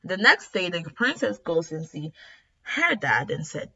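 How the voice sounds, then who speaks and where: A woman casually recapping a comic story as a reviewer, retelling it in an animated, emphatic way. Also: lowish voice, a little slow, vocal fry, husky, dull audio. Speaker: webtoon reviewer.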